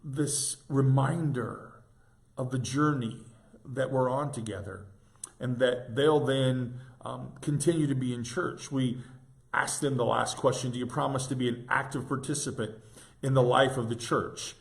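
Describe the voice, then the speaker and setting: A man in his sixties, a pastor, giving an informal devotional reflection in a tender, halting way with gentle restarts. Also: medium pitch, gravelly.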